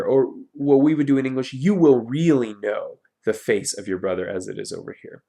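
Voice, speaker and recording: A man teaching a recorded online lesson in a mid-pitched voice with a gravelly edge. He explains step by step, corrects himself as he goes and sounds out foreign words slowly and carefully. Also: animated, dark tone. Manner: explanatory, with frequent fillers and self-corrections.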